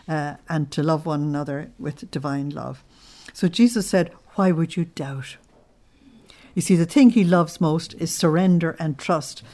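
A woman religious teacher giving a spoken sermon in an earnest, unhurried way, weaving in personal stories. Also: on the low side, dark tone.

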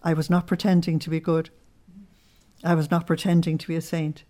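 A woman religious teacher giving a spoken sermon in an earnest, unhurried way, weaving in personal stories. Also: deep voice, flat delivery, warm tone.

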